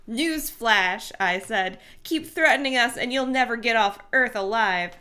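A woman's voice: fairly high pitch, takes it slowly, sharp tone. A woman co-hosting a casual group read-aloud, laughing often and playfully voicing characters. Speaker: podcast co-host reading aloud. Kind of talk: casual group reading with banter.

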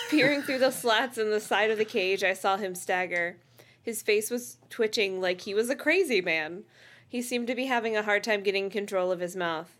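A woman's voice: mid-range voice, moderate pace, fairly bright tone. A woman reads a novel aloud on a casual podcast. She has a middling voice and keeps slipping into giggles. She jokes between passages. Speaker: podcast co-host reading aloud.

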